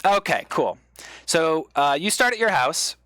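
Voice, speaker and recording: A male comedian on a live stream, giving an improvised mock lecture as a rambling explainer with sudden excited bursts. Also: on the high side, a little slow, no echo.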